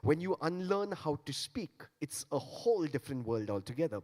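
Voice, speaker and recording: A man's voice: a little high, sing-song, normal speed, dark tone. A man giving a playful stage talk on beatboxing, coaxing the audience to join in. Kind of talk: interactive stage talk and demonstration. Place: large conference hall. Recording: long hall reverb.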